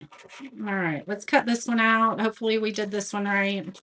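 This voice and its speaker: A woman's voice: medium pitch, fairly even intonation, normal speed, a bit bright. A woman chatting casually as she hosts a live craft tutorial, reading viewer comments and laughing at her own mistakes. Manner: chatty, self-deprecating, reads viewer comments aloud. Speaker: craft livestream host.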